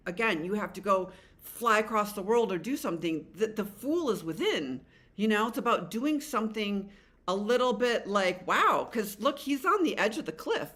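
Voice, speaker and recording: A middle-aged woman giving a casual tarot reading, rambling with many fillers and restarts and casual swearing. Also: medium pitch. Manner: animated voices when quoting the cards. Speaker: tarot reader.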